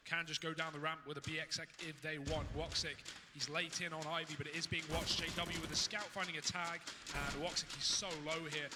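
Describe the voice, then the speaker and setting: A man calling an esports match play-by-play, with quick excitable delivery. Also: on the high side, in a large hall, background noise. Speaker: esports caster. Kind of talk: play-by-play commentary.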